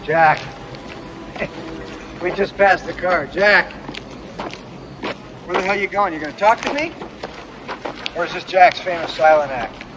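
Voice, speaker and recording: An actor playing a defensive older brother in a film scene, pleading and apologizing. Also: male voice, high-pitched, measured pace, pauses often. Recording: film audio with street noise.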